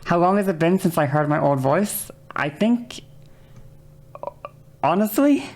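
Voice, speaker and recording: A woman streaming live, chatting casually and excitably and swearing freely. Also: sits low, gravelly.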